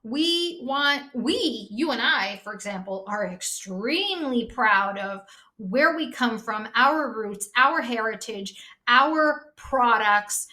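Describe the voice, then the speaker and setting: Female chef guest, high and bright voice, blunt and passionate, swears casually. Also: expressive, slow pace. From Canada. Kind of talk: casual interview chat.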